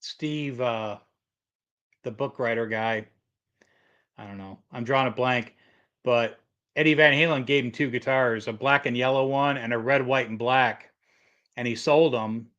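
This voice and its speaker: A man's voice: mid-range voice, fairly even intonation, a little slow, long pauses, fairly bright tone, dull audio. A middle-aged man from Michigan hosting a casual livestream, rambling through stories and reading chat comments aloud. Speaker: livestream host.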